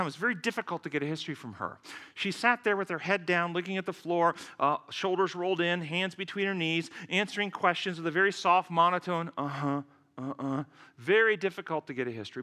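A man preaching a lecture-style sermon, earnest and deliberate as he tells his stories. His voice sits high for a man, with a wide, animated pitch range and a bright, forceful tone. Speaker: physician and speaker.

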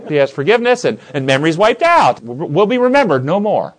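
A man leads a Bible study class with a fairly high voice. His pitch rises and falls all the time. He quizzes the group and acts out the stories he describes. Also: brisk. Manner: questioning, animated, acts out scenes.

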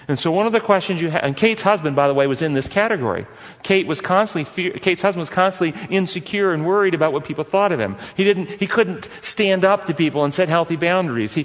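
A man's voice: fairly high pitch, a bit bright. A man teaching a course on forgiveness, earnest and repetitive, telling stories and putting questions to the audience. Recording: long hall reverb.

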